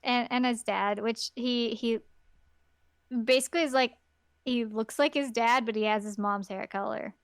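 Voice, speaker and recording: A woman's voice: fairly high pitch, steady tone, normal speed, clear, resonant tone, no echo. A woman co-hosting a podcast in casual chat, talking in a chatty way and playfully acting out characters she quotes. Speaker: podcast co-host.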